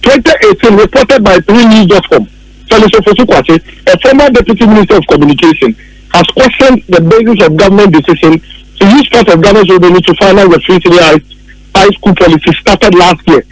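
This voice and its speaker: Ghanaian male radio pundit, high voice, emphatic and argumentative, faint noise behind. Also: fast. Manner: emphatic, argumentative, repeats points. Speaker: political commentator. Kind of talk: radio political talk.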